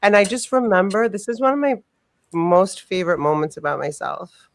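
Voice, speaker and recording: A woman co-hosting a casual podcast, telling stories in a rambling, animated way and swearing freely. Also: medium pitch, moderate pace, dry recording. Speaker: podcast co-host. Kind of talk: casual storytelling chat.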